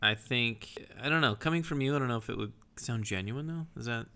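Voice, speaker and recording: Bright clear-voiced male podcast co-host. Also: mid-range voice, fairly quick. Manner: teasing, joking. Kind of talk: casual chat.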